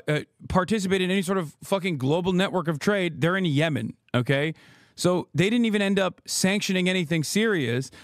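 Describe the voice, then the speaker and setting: A man in his thirties rants on a live stream, angry and sarcastic and swearing freely. His voice sits fairly high for a man. It is recorded close and dry, with no room sound. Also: dry recording. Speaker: political streamer. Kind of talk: heated live-stream rant.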